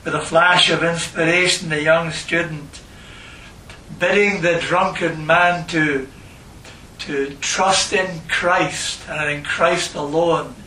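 A man preaching a sermon and reading scripture, slow and emphatic, repeating phrases for stress. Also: fairly high pitch, fairly even intonation, sharp tone, a little hiss or hum. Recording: echoey room, voice from a distance.

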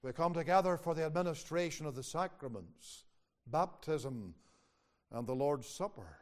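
A male preacher delivering an earnest, emphatic sermon. His voice sits fairly high for a man, and he leans into long Scripture quotations. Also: expressive, normal speed. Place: home, away from the usual church.

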